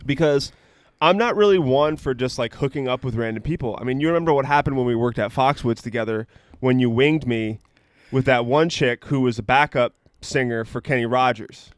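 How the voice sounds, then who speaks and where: A man's voice: mid-range voice, a little fast, dry recording. A young man co-hosting a podcast, telling stories in a rambling, profane way full of "like" fillers. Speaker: podcast co-host. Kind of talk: casual chat.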